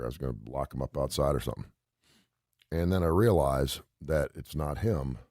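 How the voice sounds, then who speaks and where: A man's voice: rumbling low, moderate pace, darkish tone, no echo, studio quality. A middle-aged man hosting a radio show, casually telling a long rambling story and acting out the quotes. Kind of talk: casual chat.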